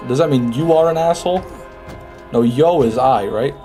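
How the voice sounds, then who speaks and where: Man, live game streamer, casual chat, mellow dark tone, faint music underneath. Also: medium pitch, normal speed. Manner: chatty, reads and answers chat. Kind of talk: casual live gameplay commentary.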